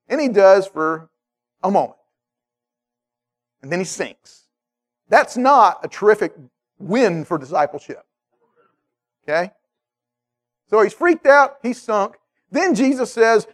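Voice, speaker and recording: A man preaching a sermon in a lively, conversational way, often checking in with his listeners. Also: high voice, takes it slowly, pauses often. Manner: animated, conversational, checks in with "okay?".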